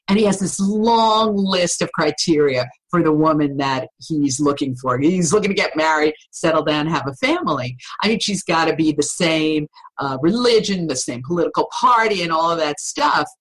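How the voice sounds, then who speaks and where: A woman voice coach talks as a podcast guest in a slightly low, husky voice. She explains things with energy and coaching enthusiasm. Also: animated, moderate pace, rough recording. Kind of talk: podcast interview.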